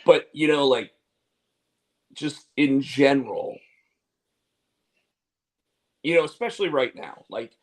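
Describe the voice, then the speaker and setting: A man with a medium-pitched voice takes it slowly and pauses often, recorded roughly. As a co-host on a casual talk show, he rambles through restarts, fillers, and repeated words, candid and swearing.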